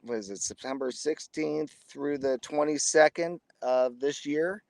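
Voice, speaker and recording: A man's voice: fairly high pitch, unhurried, vocal fry, no echo. A man, a military veteran and podcast guest, talking casually in an earnest, encouraging way. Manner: earnest and encouraging, restarts often. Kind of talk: casual interview chat.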